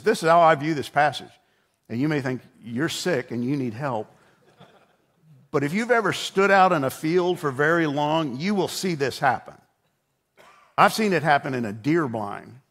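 A man's voice: a little high, fairly bright tone. A middle-aged man preaching a sermon in a conversational, humorous storytelling way, often restarting his words. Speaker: pastor.

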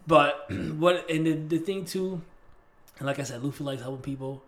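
Man, casual podcast co-host, animated storyteller. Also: a little high, moderate pace. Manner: animated storyteller, acts out scenes. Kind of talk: casual chat.

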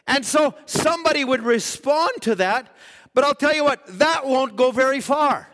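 A man preaching a sermon, swinging from loud exhortation to hushed, acted-out quotes. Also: extremely high pitch, normal speed. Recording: long hall reverb.

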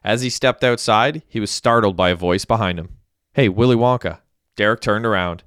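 A man with a low, smooth, resonant voice reads a novel as an audiobook. His storytelling is even and steady. He is recorded on a close mic in a dry room. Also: fairly quick, no room sound. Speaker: narrator. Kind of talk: audiobook narration.

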